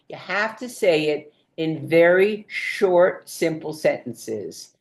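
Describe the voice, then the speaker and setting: Woman, care trainer, lowish voice, very slow, instructional, lots of ums. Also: expressive. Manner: unhurried, explains with many examples and frequent ums. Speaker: dementia care trainer for home health aides.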